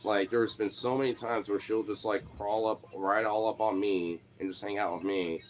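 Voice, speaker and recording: A man's voice: on the low side, fairly even intonation, moderate pace, a little hiss or hum. A young man telling a personal story in a casual, rambling way, swearing freely and swinging from laid-back to exasperated.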